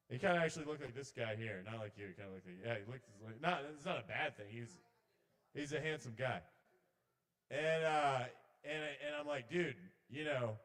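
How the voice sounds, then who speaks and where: A man doing a rambling, swearing stand-up set at an open mic in a small bar. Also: brisk. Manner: rambling, swearing, shouts the intrusive voices loud and high. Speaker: comedian.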